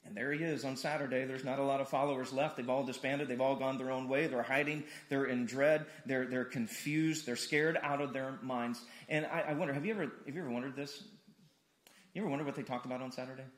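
A man's voice: mid-range voice, fairly even intonation, quick pace, reverberant. A man preaching a conversational sermon, often repeating words and acting out dialogue. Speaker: pastor.

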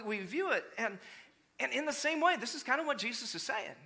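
A man's voice: very high-pitched, brisk. A man preaching a sermon in a church, acting out voices to make his points with humor. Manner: animated, acts out voices of people for humor. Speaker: pastor.

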